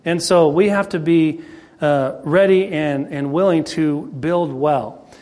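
A man's voice: a little high, steady tone, takes it slowly, darkish tone. A man preaching a sermon in a folksy, conversational way, telling a story to the congregation. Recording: echoey hall.

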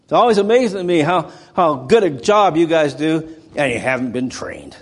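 A man's voice: fairly high pitch, lively intonation, moderate pace. Man preaching in a reverberant hall. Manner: conversational storytelling with dramatic bursts. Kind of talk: sermon.

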